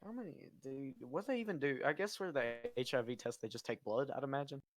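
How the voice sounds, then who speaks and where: A man's voice: medium pitch, brisk, a little hiss or hum. A young man co-hosting a casual late-night podcast, rambling through stories with lots of fillers and laughing often. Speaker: podcast co-host.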